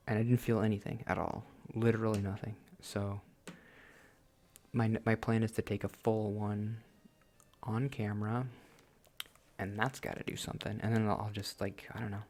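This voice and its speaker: A man's voice: fairly low pitch, darkish tone. A man in his late twenties hosting a gaming channel, rambling casually and self-deprecatingly, often laughing at himself. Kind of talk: casual let's-play chat.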